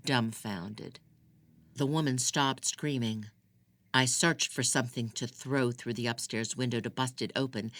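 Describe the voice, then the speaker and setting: Brief: slow, measured first-person audiobook read, bright tone, dry booth sound. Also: medium pitch, no echo. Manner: measured, expressive in dialogue.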